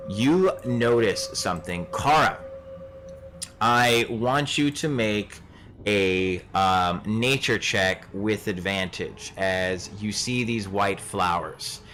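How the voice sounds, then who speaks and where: A man with a fairly low voice runs a tabletop game, talking in a relaxed, rambling way. He scatters fillers through his narration and drifts easily between the scene and asides to the players. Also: slow pace, a little hiss or hum. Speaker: game master.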